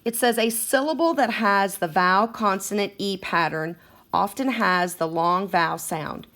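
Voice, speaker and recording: A woman's voice: medium pitch, normal speed, a bit bright. A woman teaching a second grade phonics lesson, patient and encouraging as she sounds out words for children.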